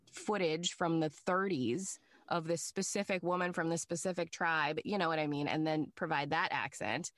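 A chatty woman guest talks about her voice acting work in an easy, storytelling way, laughing often between thoughts. Her voice sits on the lower side for a woman. The recording is dry and close, with no room sound. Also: moderate pace, hardly any pauses, fairly bright tone, no room sound. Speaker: guest voice actor. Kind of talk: casual interview chat.

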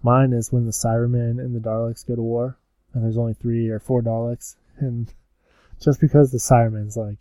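Young man, podcast co-host, mellow and joking, dry mic. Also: medium pitch, level tone, no echo. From United States. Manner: joking, fills pauses with "um". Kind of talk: casual podcast chat.

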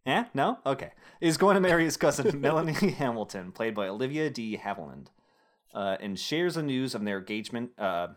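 A man's voice: mid-range voice, big pitch swings, brisk. A young man hosting a casual podcast, recapping a film with rambling filler-heavy asides and jokes. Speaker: podcast host summarizing a film. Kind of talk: casual chat.

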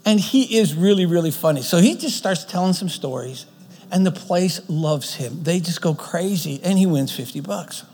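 A man's voice: high voice, lively intonation, normal speed, darkish tone, slightly rough, in a large hall. A man preaching a sermon, retelling a story earnestly, often restarting his phrases.

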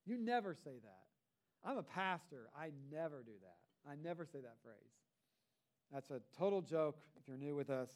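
A man's voice: a little high, expressive, moderate pace. A man, a pastor, preaching a sermon in a conversational way, with rhetorical asides to the congregation.

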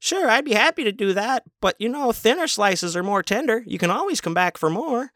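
A man's voice: high voice, lively intonation, fairly quick, a bit bright, dry recording, clean studio sound, voice pushed up. A man putting on the voice of an eager young meat cutter from an old training video, overly polite and cheerful. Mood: chirpy.

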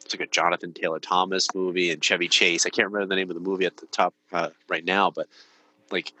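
A man in his thirties with a low but bright, forward voice tells stories earnestly. He rambles as he talks and leans on "like" over and over. He sounds like a guest in a casual podcast conversation. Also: level tone, fast talker, a little hiss or hum, rough recording. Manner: earnest, rambling storyteller, heavy use of "like".

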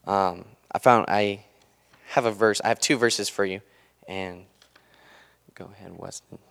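A man's voice: lowish voice, steady tone, unhurried, gravelly, fairly bright tone. A young man in his twenties giving an earnest, casual sermon talk, loose and full of fillers. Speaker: student speaker giving a devotional.

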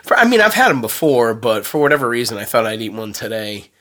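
A man's voice: mid-range voice, fast. A man in his thirties, a podcast co-host, telling stories in casual chat, swearing freely and laughing often. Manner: profane, excitable storyteller, laughs often.

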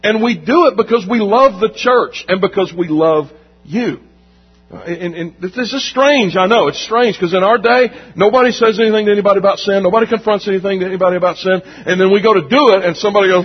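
Male pastor, high husky voice, emphatic conversational sermon, long hall reverb, dull sound. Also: expressive, brisk. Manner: emphatic, conversational preaching with repetitions.

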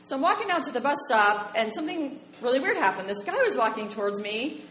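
A young American woman telling a personal story live on stage in a bar, chatty and animated, with many fillers. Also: a little high, fast talker. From United States. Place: bar stage before an audience. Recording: echoey live room.

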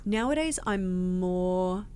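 A woman's voice: on the low side, lively intonation, slow, dark tone, a little hiss or hum. An Australian woman in a casual interview, telling her story expressively with big swings in emphasis. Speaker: guest actor.

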